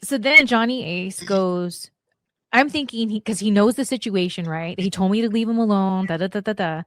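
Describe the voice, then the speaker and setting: A woman's voice: medium pitch, moderate pace, fairly bright tone, no echo, clean studio sound. A woman in her forties, a guest on a podcast, telling stories bluntly and acting out the lines she quotes. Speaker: podcast guest, former wrestler. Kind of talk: casual storytelling chat.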